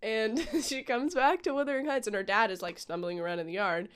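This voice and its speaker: Talking briskly over loud music, a woman with a voice on the high side reviews a film for her vlog. She's chatty and strongly opinionated, leaning heavily on "like" and "um."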